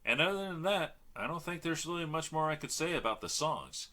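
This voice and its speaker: A man hosting a casual movie review chat, talking in an animated, mocking way. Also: a little high, a little fast.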